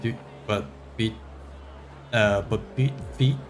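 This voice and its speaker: A man's voice: lowish voice, steady tone, slow. A man voicing a drunk, bullying male samurai thug, with crude, snarling delivery over game music. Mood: mocking. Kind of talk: reading game dialogue aloud.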